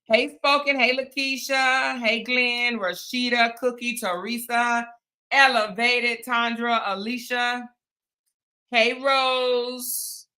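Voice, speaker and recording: Woman livestream host, bright voice, chatty and familiar, greets viewers by name. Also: on the high side, fairly even intonation, slow pace. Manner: chatty, greets viewers by name, calls them y'all and honey. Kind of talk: casual live-stream chat with viewers.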